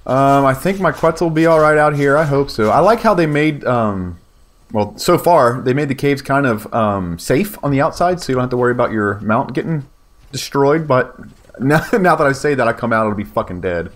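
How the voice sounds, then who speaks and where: A man giving casual, excitable commentary on his gameplay, talking to viewers and yelping when danger shows up. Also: medium pitch, normal speed. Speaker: gaming YouTuber.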